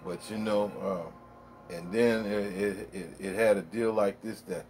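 A man's voice: lowish voice, fairly even intonation, unhurried, darkish tone, soft background music. Blunt, profane middle-aged man rambling. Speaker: vlogger. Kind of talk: casual rambling monologue. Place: home man cave.

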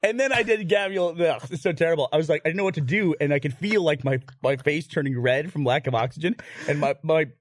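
A middle-aged man with a fairly high voice tells a mishap story on a podcast, swearing freely and laughing at himself. The recording is close and dry, with no room sound. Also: fast talker, hardly any pauses, no echo. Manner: animated, swears, laughs through his own story. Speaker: podcast host telling a story. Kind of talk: casual storytelling chat.

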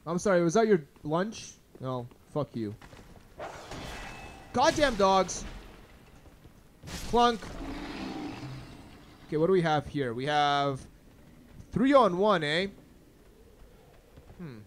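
A young man commentating a blind playthrough of a hard video game, swearing and shouting at enemies, then muttering to himself. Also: very animated, slow, long pauses, a little hiss or hum. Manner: swearing, yelling at enemies, sudden pitch jumps. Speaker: gaming channel host. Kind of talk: blind let's play commentary.

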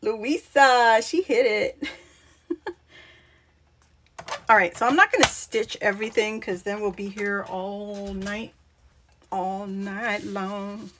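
A woman's voice: mid-range voice, slow pace, long pauses, a bit bright, slight background noise. A woman hosting a live craft stream, chatting casually, laughing often and greeting viewers by name. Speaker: crafting channel host.

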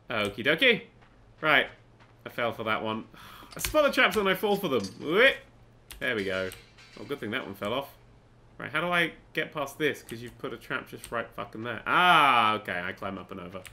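A man's voice: medium pitch, expressive, normal speed, sharp tone, a little hiss or hum. Jumpy swearing man gaming. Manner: jumpy, swearing, talks to himself. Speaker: gaming channel host. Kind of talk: let's play commentary.

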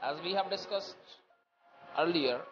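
A man teaching a recorded language lecture, explaining step by step in a deliberate, repetitive way with many pauses. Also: high-pitched, a little hiss or hum. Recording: dull lo-fi audio with loud music.

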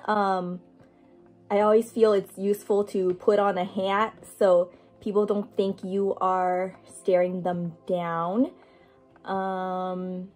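A woman's voice: mid-range voice, darkish tone, poor audio. A woman vlogger chatting casually with lots of ums, then reading a Bible chapter aloud. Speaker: art vlogger. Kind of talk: casual chat and scripture reading.

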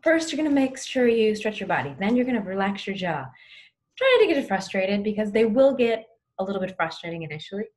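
A woman teaching artist leading a home lesson, lively and encouraging as she demonstrates each exercise. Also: medium pitch, fairly quick. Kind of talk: guided lesson for kids at home.

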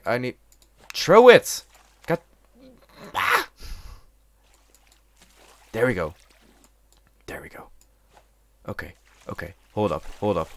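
Slow, frustrated man cursing at a game. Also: fairly low pitch. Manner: swears and shouts in frustration at the game. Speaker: gaming YouTuber. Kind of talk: let's play commentary.

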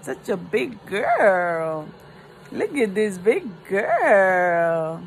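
Slow-talking emotional young mother vlogger. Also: mid-range voice, sing-song, a little hiss or hum. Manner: slow, emotional, talks to viewers as "y'all". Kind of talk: casual family vlog chat.

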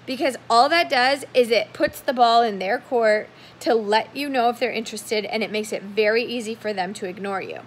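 A woman's voice: a little high, normal speed, hardly any pauses, a little hiss or hum. A young woman giving casual coaching tips on sales conversations in an upbeat way, sometimes acting out sample messages. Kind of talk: casual coaching talk to camera.

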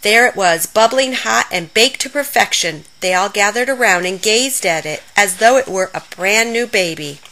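Woman storyteller for a children's read-aloud; bright, lively, expressive. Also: mid-range voice, moderate pace, few pauses, low-quality recording. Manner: expressive, animated reading.

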